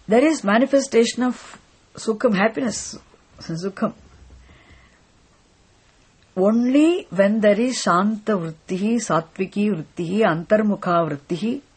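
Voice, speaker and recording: Teacher, kinda raspy, slow careful lecture, keeps asking if it's clear. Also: mid-range voice. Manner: deliberate, repeatedly checks understanding. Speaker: spiritual teacher. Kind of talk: philosophy lecture.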